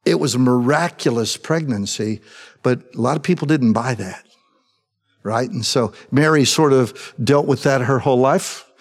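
A man preaching a sermon, talking in a conversational way and dropping in quick asides. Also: mid-range voice. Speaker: pastor.

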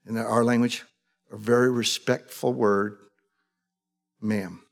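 A man's voice: on the low side, level tone, a little slow, creaky, long pauses, big-room sound. A man preaching a sermon as pastor, telling the story conversationally and acting out the people in it.

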